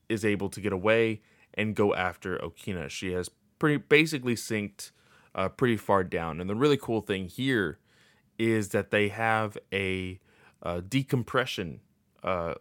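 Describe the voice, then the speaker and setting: Low-voiced man rambling through a recap. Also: measured pace, no room sound, studio quality. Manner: rambling, filler-heavy with many uh and like. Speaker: story recap commentator. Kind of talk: casual recap of a game's story.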